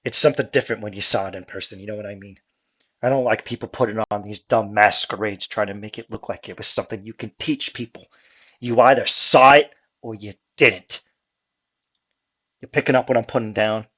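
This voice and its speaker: A man's voice: fairly low pitch, brisk, fairly bright tone, breathy edge. A man voicing a tipsy male human veteran who tells a rambling, folksy tall tale in a tabletop game. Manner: folksy, rambling storyteller drawl. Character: drunk male human veteran telling war stories.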